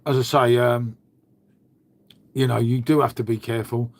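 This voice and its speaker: A man's voice: mid-range voice, flat delivery, normal speed. A man, hosting a live stream in a casual chat, chatty and matey, swearing freely and answering viewers. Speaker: beer channel host.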